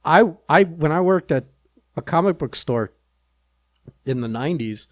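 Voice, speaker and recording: A man's voice: on the high side, lively intonation, measured pace, no echo. A man co-hosting a podcast in casual chat, laid-back and wry, chiming in with jokes. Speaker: podcast co-host. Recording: dry close sound.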